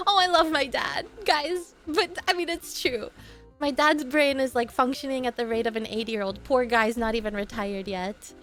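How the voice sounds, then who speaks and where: A young woman from Canada, streaming and chatting casually with viewers, telling stories in an animated way with frequent laughs. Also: high voice, normal speed, faint music behind. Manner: animated storytelling, acts out quotes, laughs often. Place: home streaming setup.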